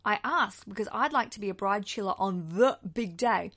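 A woman's voice: mid-range voice, normal speed, fairly bright tone. A woman in her thirties with an Australian accent, hosting a podcast in a chatty, effusive way. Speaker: podcast host. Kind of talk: casual podcast chat.

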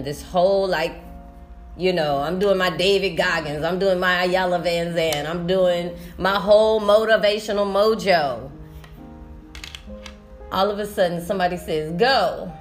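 A woman teacher talking through a personal vlog monologue, emotional and rambling, restarting her sentences often. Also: medium pitch. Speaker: sixth-grade teacher.

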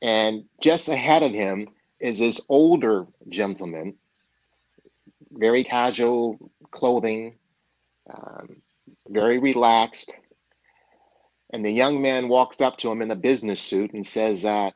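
A man slowly telling a story with a steady, mid-pitched voice. He pauses often and fills the gaps with ums and uhs. The sound is dry and close. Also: no room sound, rough recording. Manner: measured, halting storyteller with frequent fillers. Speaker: guest speaker and author. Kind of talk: storytelling in a conversation.

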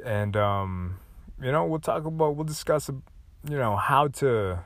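A man's voice: mid-range voice, no room sound. A young adult man talking earnestly and casually to other men, with many fillers, speaking as host. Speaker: host giving advice to men. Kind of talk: casual motivational talk.

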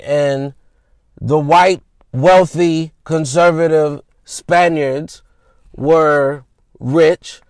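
Man, podcast host, informal history storytelling, slow delivery, higher voice. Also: dry recording. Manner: casual, slangy, conversational.

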